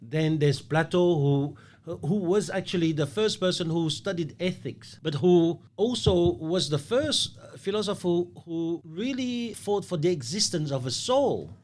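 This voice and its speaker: A man's voice: on the high side, animated, unhurried, a little mellow. Emphatic man musing on ethics. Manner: philosophical, emphatic, swears casually. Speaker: podcast host. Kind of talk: casual podcast chat.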